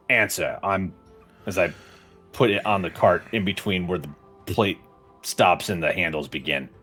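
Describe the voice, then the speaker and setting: A man playing a tabletop game, bantering quickly in character. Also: sits low, a bit bright, faint music behind. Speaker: player.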